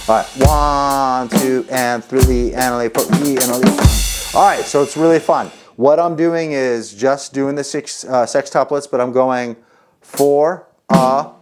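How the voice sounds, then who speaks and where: A man teaching a casual drum lesson in an easygoing, talkative way. He counts rhythms out loud between explanations. A drum kit plays clearly behind him. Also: mid-range voice. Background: drum kit playing.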